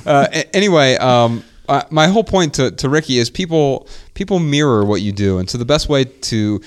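Podcast co-host, thirties, smooth resonant voice, mid pitch, reflective storyteller. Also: male voice, moderate pace. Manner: reflective, storytelling, animated when quoting his daughter. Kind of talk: casual podcast conversation.

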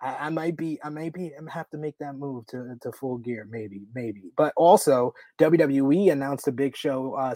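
A man in his thirties hosting a casual wrestling podcast, rambling with lots of fillers and loud laughs. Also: mid-range voice, no room sound. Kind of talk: casual chat.

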